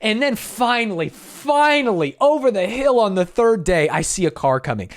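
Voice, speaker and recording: A young man, a streamer, telling a story in an animated, self-mocking way while reacting to a video, with plenty of swearing. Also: sits high, normal speed.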